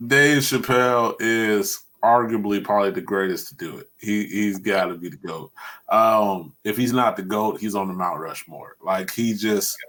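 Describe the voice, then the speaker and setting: A man's voice: on the low side, moderate pace, fairly bright tone. A man hosting a casual podcast chat, rambling and retelling comedy bits. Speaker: podcast host.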